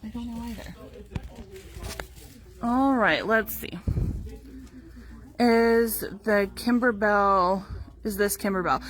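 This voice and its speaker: On a relaxed live stream for a sewing store, a woman with a medium-pitched, somewhat bright voice reads class details at a slow pace with long pauses, her talk full of fillers. A little hiss or hum runs underneath.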